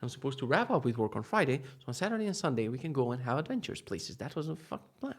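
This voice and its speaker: Guy in his 30s ranting on his own podcast, swears a lot, gets loud then goes quiet, normal mid voice. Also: mid-range voice, fast. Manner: animated, swearing, swings between loud rants and quiet asides. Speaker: podcast host. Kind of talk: casual solo podcast monologue.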